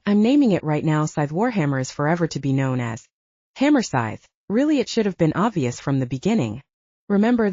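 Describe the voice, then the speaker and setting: A woman reads a first-person fantasy audiobook with a lively, animated storytelling delivery. Her voice is low-pitched and mellow, and the recording is dry and slightly dull. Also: dry recording. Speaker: audiobook narrator.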